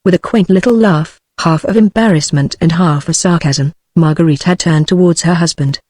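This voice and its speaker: A woman's voice: on the low side, moderate pace, no room sound. Synthetic British female narrator, dry close sound, evenly paced audiobook reading, no character voices. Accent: British English. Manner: even, unacted reading of all characters.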